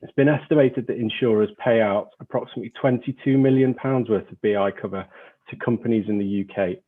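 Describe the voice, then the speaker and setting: A man with a Northern English accent presenting as an insurance lawyer in a webinar, measured and explanatory. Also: lowish voice, husky, narrow, tinny audio.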